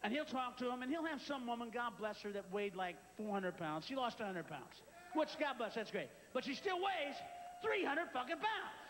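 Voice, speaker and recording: A man's voice: extremely high pitch, big pitch swings, moderate pace, background noise. A man doing a live stand-up routine on a large theater stage, ranting profanely with sudden screams into a handheld mic. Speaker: stand-up comedian. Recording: live theater reverb with crowd.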